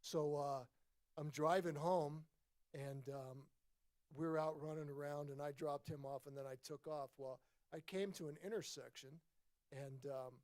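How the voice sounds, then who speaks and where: A man in his sixties, a former ballplayer and guest at a book event, telling a story in a casual, animated way and acting out the voices in his quotes. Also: fairly high pitch, unhurried. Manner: animated anecdote teller, acts out voices in quotes. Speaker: former baseball player, guest.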